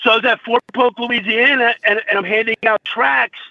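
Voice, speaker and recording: A man calling in and crying as he tells a faith story, halting and stammering between phrases. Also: very high voice, steady tone, vocal fry, sharp tone, dry recording. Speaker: caller. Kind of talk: telling a personal faith story. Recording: dull phone line.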